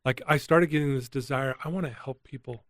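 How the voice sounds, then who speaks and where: A man's voice: medium pitch, brisk. Earnest man telling a heartfelt story. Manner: earnest, emotional, animated retelling. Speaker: guest, addiction recovery coach. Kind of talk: candid storytelling interview.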